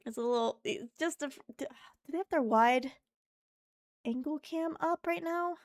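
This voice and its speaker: A woman's voice: sits high, measured pace, no room sound, studio quality. A woman streamer chatting casually and thinking aloud while playing a game. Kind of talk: casual live-stream chat while gaming.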